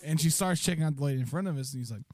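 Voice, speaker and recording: A young man telling a story in casual chat, profane and animated, mimicking the voices of the people in it. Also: a little high, racing, dry recording.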